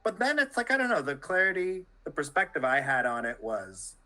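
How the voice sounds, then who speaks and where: A man's voice: fairly high pitch, very animated, fairly quick, sharp tone, poor audio. A Canadian man, a journalist, talking as an interview guest in a loose, rambling way full of "like" and restarts. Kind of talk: casual interview conversation.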